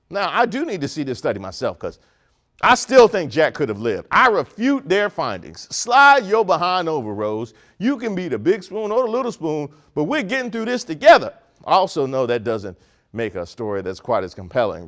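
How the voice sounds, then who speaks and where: A man's voice: mid-range voice, sing-song, fairly quick, a bit bright. A man from Maryland hosting a comedic news segment, delivering wry, sarcastic commentary. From Prince George's County, Maryland, US.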